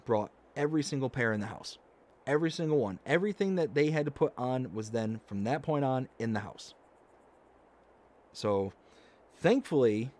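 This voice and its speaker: A man hosting a live stream, casually telling an anecdote and reading chat comments aloud, acting out quoted lines. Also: medium pitch.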